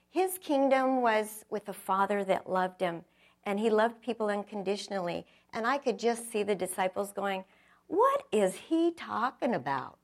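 A middle-aged woman giving an earnest, reflective personal testimony, telling her story with acted quotes. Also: medium pitch.

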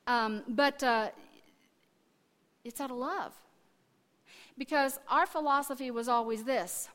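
Animated woman preaching in a reverberant hall. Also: high-pitched, takes it slowly. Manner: animated storytelling, acting out quotes with restarts. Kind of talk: sermon. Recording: long reverb of a large hall.

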